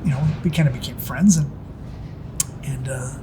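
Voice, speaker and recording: A man's voice: medium pitch, moderate pace, background noise. Middle-aged man spinning rambling shop stories. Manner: rambling anecdotes with restarts and "it's like". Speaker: pinstriping artist telling his story. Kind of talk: casual storytelling interview.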